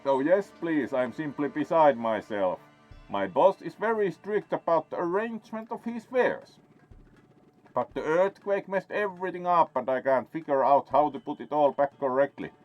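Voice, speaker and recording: With soft music behind him and a dull lo-fi sound, a man voices a flustered, anxious bazaar shop assistant, pleading fretfully. He pitches his natural voice up to fairly high, speaking at a moderate pace with lively intonation.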